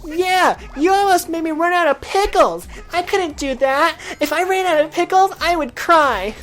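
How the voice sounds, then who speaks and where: A woman voicing a sassy young party girl in a high, exaggerated voice, while telling a playful story. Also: normal speed.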